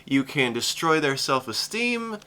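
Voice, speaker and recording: A man's voice: mid-range voice, sing-song, unhurried, pushed and bright. A man streaming a reaction to a music video, chatting casually, laughing often and rambling with restarts.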